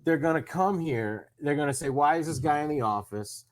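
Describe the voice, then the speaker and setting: A comedian from Rhode Island telling a long story in casual chat, acting out both sides of the conversation. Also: male voice, a little high, normal speed. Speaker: comedian guest.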